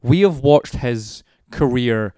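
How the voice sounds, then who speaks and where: A man's voice: mid-range voice, animated, takes it slowly, mellow, dry recording, studio quality. A man co-hosting a casual movie podcast with a wry, mocking delivery. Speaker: podcast co-host. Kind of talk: casual movie review chat.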